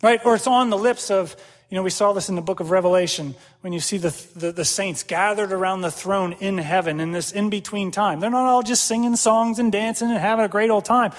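A man preaching a sermon in an animated way, acting out quoted prayers and dialogue and laughing often. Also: high voice, fairly quick. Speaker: pastor. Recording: long hall reverb.

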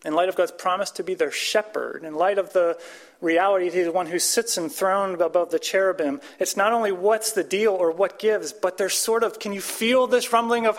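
A man giving a conversational Bible teaching, speaking casually with frequent restarts and pushing up his voice for emphasis. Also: normal speed. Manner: casual, restarts and fillers, rises in pitch and volume for emphasis.

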